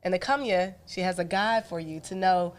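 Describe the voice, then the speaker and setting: A woman from the American South, a news anchor casually hosting a live online Q&A, animated and slipping into other voices when she quotes people. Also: on the low side, moderate pace. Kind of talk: casual live-stream chat.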